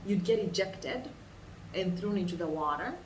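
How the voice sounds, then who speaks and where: A woman leading a guided imagination exercise, telling it in an animated way and repeating phrases for emphasis. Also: on the low side, moderate pace, slight background noise. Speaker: vlogger. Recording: roomy sound, distant mic, faint ambience.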